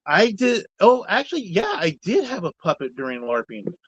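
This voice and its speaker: A man's voice: high-pitched, sing-song, moderate pace, breathy edge, dry recording, rough recording. A man being interviewed as a guest, speaking in a casual, rambling and candid way with some mild cussing. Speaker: guest, puppet builder. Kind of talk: casual chat.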